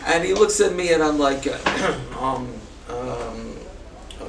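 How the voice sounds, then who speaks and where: A man in his seventies telling a personal story to an audience, animated and halting, moving between loud bursts and hushed asides. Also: mid-range voice, gravelly, slight background noise. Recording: echoey room, distant mic, faint ambience.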